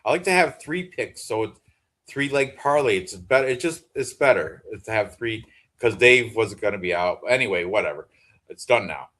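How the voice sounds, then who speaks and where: A man in his fifties co-hosts a sports betting show, rambling casually in conversation, laughing often and swearing freely. His voice has a medium pitch and a fairly bright tone.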